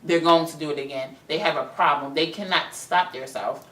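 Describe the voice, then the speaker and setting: A woman's voice: deep voice, fairly quick, a bit bright. A young adult woman co-hosting a talk show, talking frankly and profanely about hard personal experience in casual chat. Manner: blunt, profane, outspoken. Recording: roomy echo, mic far off.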